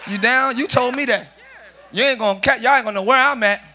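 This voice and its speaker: A man preaching a lively sermon as pastor to a congregation, joking and calling out to them. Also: very high voice, fast talker, a faint crowd. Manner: shouting, joking, calls to the congregation. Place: large church with congregation.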